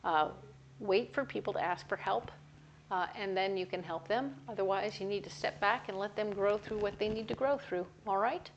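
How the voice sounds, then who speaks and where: A woman's voice: medium pitch, normal speed, highs cut off, slight background noise. Chatty woman giving a tarot reading. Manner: chatty, upbeat, self-correcting. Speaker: tarot reader. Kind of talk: casual tarot reading to camera.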